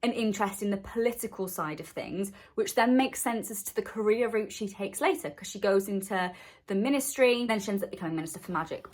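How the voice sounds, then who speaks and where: A woman hosting a podcast, chatting enthusiastically and acting out quotes as she recaps a story. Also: medium pitch. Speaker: podcast host. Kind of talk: casual recap chat.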